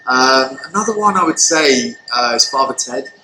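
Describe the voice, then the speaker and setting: A man in his thirties chats casually on a podcast as the chef guest, rambling with plenty of fillers and restarts. The sound is echoey, with steady background noise from the restaurant around him. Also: mid-range voice, moderate pace. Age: 30s.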